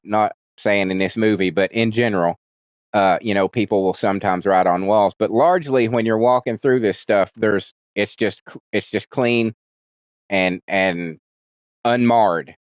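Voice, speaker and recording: He has a fairly low, clear, resonant voice, and there's no room sound. As a reviewer casually summarizing a movie, he rambles, curses, restarts his sentences frequently, and puts on animated voices when quoting characters.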